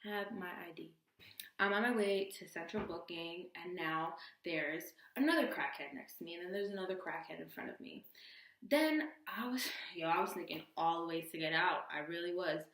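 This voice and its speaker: A young adult woman telling a storytime vlog with expressive, animated delivery and acted-out quotes. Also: on the low side, normal speed, reverberant. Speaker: vlogger.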